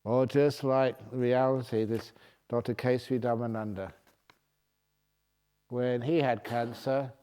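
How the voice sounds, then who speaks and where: A man's voice: mid-range voice, fairly even intonation, slow, long pauses, warm tone, clear, resonant tone. A man, a Buddhist monk, answering questions at a retreat with jovial, humorous stories and often laughing at his own jokes. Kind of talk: humorous dharma Q&A talk. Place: meditation retreat hall.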